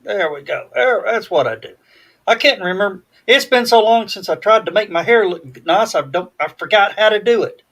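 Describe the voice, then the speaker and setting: High, bright-voiced man hosting a chat. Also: expressive, normal speed. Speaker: host. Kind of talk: casual chat. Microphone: video call.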